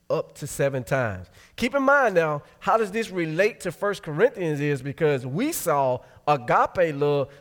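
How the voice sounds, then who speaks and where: A man preaching a sermon, reading Scripture aloud and breaking off to explain it, shifting from loud exclamations to quiet asides. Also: on the high side. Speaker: pastor. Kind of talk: sermon Bible teaching.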